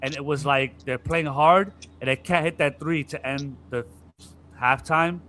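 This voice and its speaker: Bright-voiced man in animated sports chat. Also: fairly high pitch, measured pace. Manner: animated, acts out players' griping with profanity. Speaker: podcast co-host.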